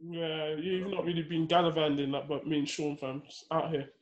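Casting: young guy, high voice, rambling slangy storyteller in loose chat with mates. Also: level tone, moderate pace, muffled recording. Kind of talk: casual chat among friends.

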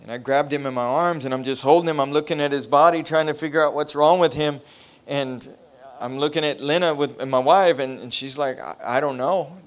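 A middle-aged male pastor preaching a revival sermon, building emphasis and then easing into quiet storytelling. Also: fairly high pitch, fairly quick.

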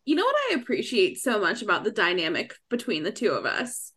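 A woman's voice: mid-range voice, big pitch swings, a little fast, fairly bright tone, breathy edge. A young woman co-hosting a podcast, chatting frankly about a romance novel, gushing and laughing often. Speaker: podcast co-host. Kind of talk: casual book-club chat.

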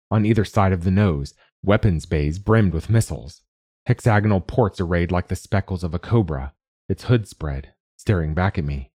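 Male narrator, very low voice, mellow, scripted story reading, steady pace. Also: slightly rough, no room sound, clean studio sound.

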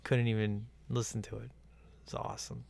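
A man's voice: mid-range voice, little pitch movement, moderate pace, gravelly, darkish tone. A man in casual, rambling chat as he watches a film at home, laughing often. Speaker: movie commentary viewer.

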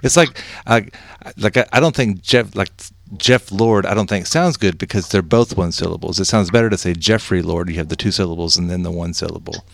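A rambling, easygoing man with a very low voice, telling stories in a relaxed chat. He laughs often and circles back over his points. The sound is close and dry. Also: fairly quick, gravelly, no room sound. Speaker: podcast host. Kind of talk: casual chat.

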